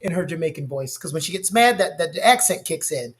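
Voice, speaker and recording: Animated storytelling man, medium voice. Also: fairly high pitch, quick pace. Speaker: co-host. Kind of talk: casual discussion.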